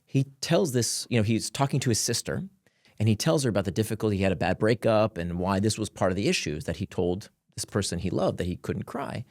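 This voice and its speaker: Male guest author, lowish voice, animated talker who laughs between points. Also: brisk, no echo, studio quality. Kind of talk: conversational explaining.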